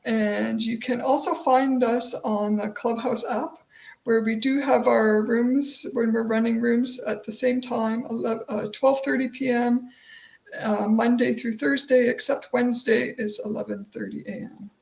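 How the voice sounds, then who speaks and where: A woman co-hosts a live online panel, her slightly high voice gravelly with fry. She talks haltingly and fills the gaps with uhs and ums. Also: steady tone, low-quality recording. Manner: halting, many filler words. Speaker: co-host.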